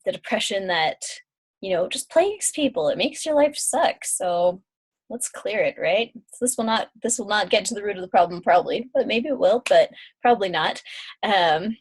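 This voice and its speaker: A woman's voice: mid-range voice, animated, normal speed, husky. A young adult woman guiding an intuitive healing session in a chatty, loose way, with fillers and yawns between points. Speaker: intuitive healer. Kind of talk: guided energy-clearing session.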